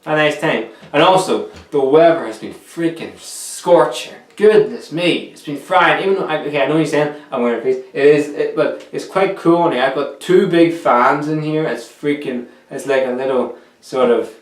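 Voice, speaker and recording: A man's voice: a little high, normal speed, roomy sound, far from the mic. A man chatting casually to viewers about football transfers, joking as he goes. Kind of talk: casual football commentary vlog. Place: room cooled by two big fans.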